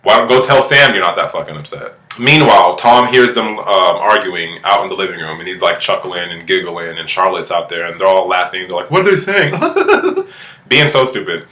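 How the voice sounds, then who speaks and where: A man giving a casual recap of a reality TV show, animated, sassy and heavily profane. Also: low-pitched, fairly quick, reverberant, poor audio.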